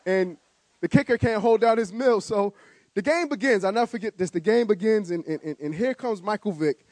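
Male guest speaker from New Jersey, high voice, dry close sound, animated storytelling with stammers. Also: a little fast, dry recording. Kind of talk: storytelling speech.

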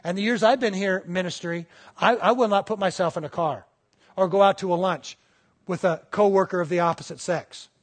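A fairly quick, high-pitched man preaches a conversational sermon as a pastor. Along the way he checks in with the congregation again and again and performs small stories, acting out the voices inside them.

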